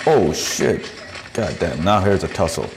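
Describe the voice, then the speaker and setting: Low-voiced man, profane, laughing. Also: animated, measured pace, gravelly. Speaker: podcast host. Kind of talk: casual commentary on videos.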